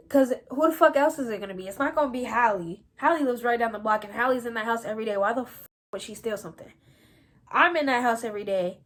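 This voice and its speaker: Slangy young New woman telling a story. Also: fairly high pitch. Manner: slangy, animated, addresses viewers as y'all. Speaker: vlogger. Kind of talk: casual storytelling to viewers.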